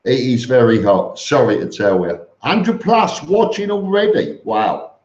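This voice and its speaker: A man's voice: mid-range voice, very animated, unhurried, darkish tone. A man hosting a casual live stream from home, greeting viewers by name in a chatty way. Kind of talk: casual live stream chat reading comments. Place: home room with fans on. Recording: echoey room, dull lo-fi sound.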